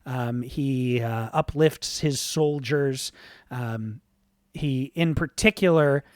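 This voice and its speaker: A game master narrating a tabletop game on a live stream, upbeat and relaxed, filling pauses with lots of "uh" and casual swearing. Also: medium pitch, dry recording, clean studio sound.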